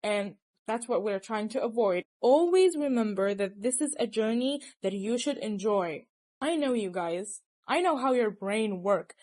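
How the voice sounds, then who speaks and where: A woman's voice: a little high, animated, a little slow, a little mellow. A young woman who speaks natively, giving casual, teasing study advice to her viewers and laughing often. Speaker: language tips presenter.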